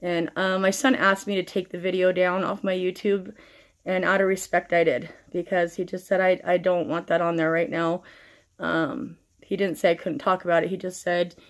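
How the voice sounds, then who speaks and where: A woman's voice: lowish voice, level tone, normal speed. Middle-aged woman, makeup tutorial chat, rambling, frequent swearing, shaken, stressed. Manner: rambling, swears freely, frazzled. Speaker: makeup vlogger.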